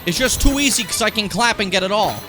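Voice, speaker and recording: A young man casually commenting on his gameplay, rambling and swearing, with sudden high excited yelps. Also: fast talker. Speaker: streamer. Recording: game music playing behind the voice.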